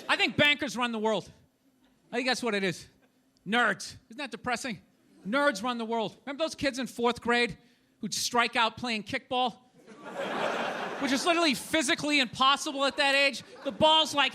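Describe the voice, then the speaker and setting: A man's voice: very high-pitched, bright, forceful tone, a little hiss or hum. A man doing a stand-up comedy set, ranting in an incredulous way and acting out the people he quotes.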